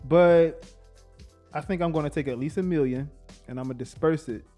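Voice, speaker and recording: A man's voice: on the high side, moderate pace, dark tone, faint music behind. Laid-back young man, laughing and rambling. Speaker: podcast co-host. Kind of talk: casual couple chat.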